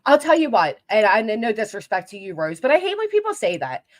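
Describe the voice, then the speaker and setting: A woman runs a casual reaction commentary with a sarcastic edge. She laughs now and then and drifts off mid-thought, her pitch sitting in the middle range. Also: sing-song, brisk, faint music behind. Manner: sarcastic, laughing asides, trailing restarts. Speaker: commentary channel host.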